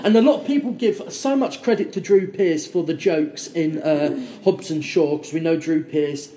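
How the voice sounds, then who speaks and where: High-voiced man in eager film chat. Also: moderate pace, mellow, a little hiss or hum. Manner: enthusiastic, rambling, quotes people in put-on voices. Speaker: film podcast co-host. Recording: echoey room.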